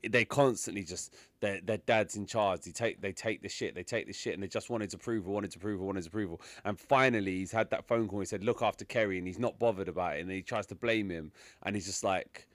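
A man's voice: sits low, brisk, few pauses, no room sound. A man co-hosting a casual film review chat, emphatic and repeating phrases for stress. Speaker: podcast co-host.

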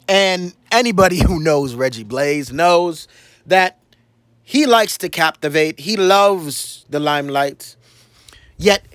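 A man delivers a fervent solo podcast monologue in a fairly high voice, unhurried and deliberate. He circles back on his phrases, hammering them home, and throws out rhetorical questions like a preacher. The sound is close and dry, with no room around it. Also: a bit bright, no room sound. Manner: emphatic, repeats phrases for effect. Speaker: podcast host. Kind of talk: impassioned spoken monologue.

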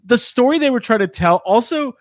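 A man co-hosting a podcast in casual chat, with a relaxed, wry manner. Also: extremely high pitch, fairly quick, dry recording, clean studio sound. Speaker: podcast co-host.

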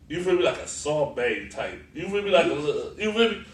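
A man co-hosting a podcast, talking football in a loose, animated, profane way and laughing often. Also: fairly high pitch, fairly quick, hardly any pauses. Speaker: podcast co-host. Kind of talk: casual sports chat. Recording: roomy, far from the mic, faint noise.

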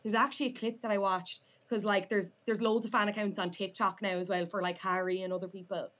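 A woman's voice: medium pitch, flat delivery, fast talker, a bit bright. A young woman with an Irish accent, chatting as a podcast guest, her talk full of "like" fillers. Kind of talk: casual chat.

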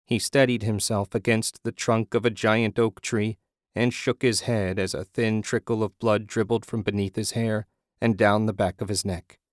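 A man narrating a horror story in a steady, measured reading. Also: on the low side, dry recording, clean studio sound.

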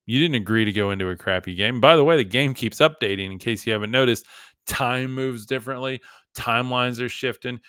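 A man's voice: mid-range voice, brisk, fairly bright tone, clean tone, dry recording, studio quality. A man hosting a podcast in a casual, emphatic monologue, often saying "like" and talking to his listeners as "guys". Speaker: podcast host.

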